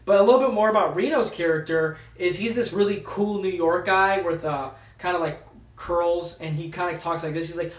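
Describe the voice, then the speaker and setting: A man's voice: high-pitched, brisk. A man casually reviewing horror films in a rambling way, full of ums, uhs and restarts. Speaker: movie reviewer. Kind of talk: casual movie review vlog. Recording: echoey room, distant mic.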